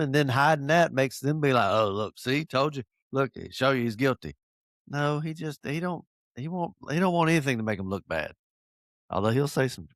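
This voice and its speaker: A man from North Georgia with a Southern accent, hosting a casual podcast, an animated storyteller who acts out quotes and chuckles. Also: medium pitch, vocal fry, dry recording, clean studio sound. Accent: Southern American. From North Georgia, USA. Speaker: podcast host.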